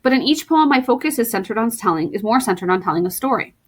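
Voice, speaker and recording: A woman teacher giving a recorded lesson to her students, playful and warm, reading poems aloud and explaining them. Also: fairly high pitch, lively intonation, quick pace, slightly rough.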